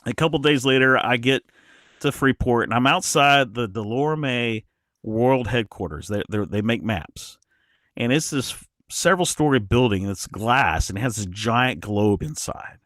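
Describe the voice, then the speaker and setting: A man guest on a podcast, telling a travel story in an animated way, often restarting his sentences. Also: mid-range voice, unhurried, no room sound, clean studio sound. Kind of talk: casual storytelling.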